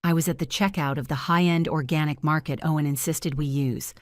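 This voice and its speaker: Low-voiced woman telling a drama story. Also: steady tone, brisk, no room sound, studio quality. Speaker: narrator. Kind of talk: first-person scripted storytelling.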